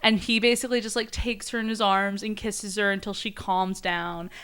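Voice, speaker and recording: Bright clear-voiced woman retelling a story. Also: mid-range voice, brisk. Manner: animated storytelling, acts out lines with quotes. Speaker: podcast co-host. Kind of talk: casual chat, retelling a fanfic story.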